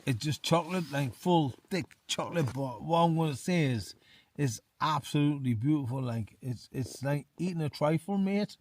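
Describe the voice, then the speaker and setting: Brief: man, slightly drunk, chatty vlogger, fairly high voice, close mic in a tent. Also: lively intonation, moderate pace, darkish tone, no room sound. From England. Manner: chatty, says "mate" constantly, repeats himself. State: tipsy. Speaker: outdoor vlogger. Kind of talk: casual beer review to camera. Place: small tent in winter hills.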